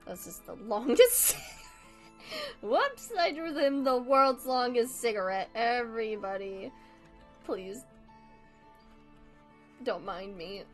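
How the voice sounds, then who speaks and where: Woman streamer, casual and giggly, swears and says sorry a lot; fairly high voice, slow delivery. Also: faint music behind, low-quality recording. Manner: giggly, laughs often, swears casually, apologetic. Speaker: livestreamer drawing for chat. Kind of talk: casual livestream chat.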